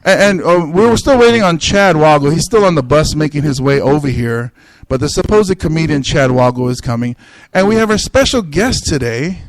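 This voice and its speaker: A man hosting a comedy podcast, rambling and joking through quick asides and self-mockery. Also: a little high, animated. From Samoan. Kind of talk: casual comedic banter. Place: indoor club room.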